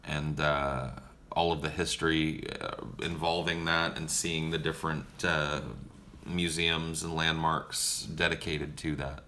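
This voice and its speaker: A man's voice: rumbling low, level tone, unhurried, bright, forceful tone, slight background noise. A young man casually answering viewer questions on a livestream in a profane, joking, laid-back way.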